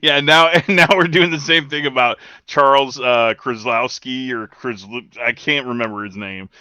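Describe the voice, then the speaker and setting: Bright-voiced man, laughing co-host. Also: mid-range voice, fairly even intonation, smooth, dry recording. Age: middle-aged. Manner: laughs along, quick agreeing replies. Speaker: podcast co-host. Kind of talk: casual chat.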